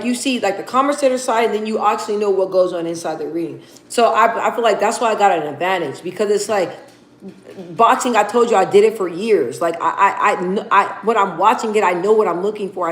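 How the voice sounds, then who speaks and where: A woman's voice: medium pitch, echoey room, rough recording. A woman chatting casually on a livestream, answering her chat, rambling in slang and repeating words as she thinks.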